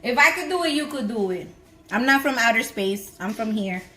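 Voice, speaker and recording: A woman's voice: a little high, normal speed, rough recording. Chatty woman cooking at home. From Miami-Dade, Florida. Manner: chatty, slangy, excitable. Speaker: home cook vlogger. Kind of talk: casual cooking demo.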